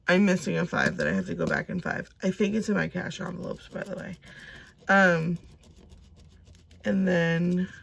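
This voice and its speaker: A woman's voice: lowish voice, gravelly, a bit bright. A woman in her thirties chatting casually to camera at home, rambling and talking herself through her plans with many fillers. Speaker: cash budgeting vlogger.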